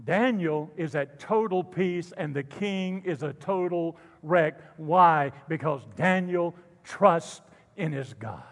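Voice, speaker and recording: A man preaching a sermon, animated and jokey, calling out to the congregation. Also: on the high side, takes it slowly, in a large hall. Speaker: pastor.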